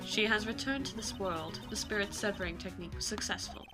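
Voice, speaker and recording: A woman's voice: medium pitch, music in the background, close to an everyday voice. A woman voicing a stern, formal older woman who keeps the rules of a spirit temple. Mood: solemn. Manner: slow, formal, solemn.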